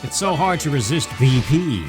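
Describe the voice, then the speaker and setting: Casual let's play man, lively pitch. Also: normal speed. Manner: rambling, thinks aloud. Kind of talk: casual gameplay commentary. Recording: game music behind.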